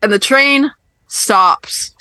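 A woman's voice: on the high side, very slow. A young woman casually telling a story on a podcast, acting out the other people in it. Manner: animated, acts out other people's voices.

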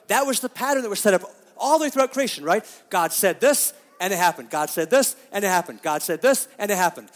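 A man's voice: high voice, long reverb tail. A middle-aged man preaching a sermon as pastor, emphatic and often asking his congregation questions.

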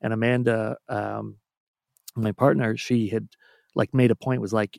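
A man, a podcast guest in casual chat, talkative and quick to laugh. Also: fairly low pitch, fairly even intonation, creaky, dry recording, clean studio sound. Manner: warm, chatty, laughs often.

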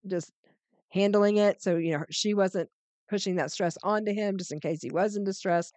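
A woman's voice: medium pitch, steady tone, normal speed, a little mellow, no echo. A woman co-hosting a podcast, chatting casually about reality TV, agreeable and frank in her opinions. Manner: agreeable, frank, many "mm-hmm"s. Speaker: podcast co-host. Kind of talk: casual chat recapping reality TV.

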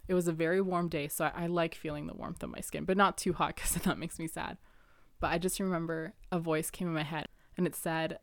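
Young woman, lowish voice, earnest, rambling, casual personal monologue, dry close sound. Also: fairly even intonation, fairly quick, creaky, dry recording. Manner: earnest, rambling, laughs often, many "like" fillers. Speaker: podcast host.

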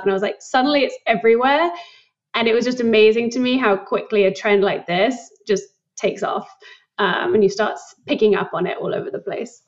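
A woman's voice: mid-range voice, highs cut off. Upbeat young Englishwoman on a call. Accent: English, softened by American. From England. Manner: chatty, upbeat, laughs easily. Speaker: guest, startup co-founder. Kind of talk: casual interview chat.

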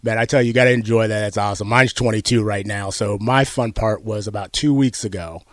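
A man's voice: lowish voice, brisk, no room sound. Easygoing chatty male radio host. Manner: relaxed, chatty, many ums, laughs easily. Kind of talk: casual morning radio chat. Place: radio studio. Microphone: studio microphone.

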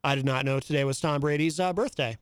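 A man's voice: fairly high pitch, fast, smooth, no room sound, clean studio sound. A man hosting a casual radio talk show, reading out chat messages and chuckling between them.

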